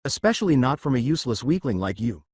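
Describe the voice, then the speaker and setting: An abrasive teenage boy hurls insults at his rival, as a male narrator reads him. The pitch jumps around with lively force. The sound is dry and close, with no room around it. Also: quick pace, breathy edge, no room sound. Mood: furious. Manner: yelling insults. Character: furious teenage boy hero, abrasive and contemptuous.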